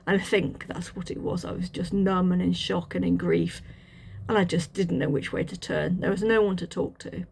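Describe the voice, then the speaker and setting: A woman telling her personal testimony in a halting, reflective way, with restarts and fillers. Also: fairly low pitch, gravelly, husky. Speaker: channel host sharing a testimony.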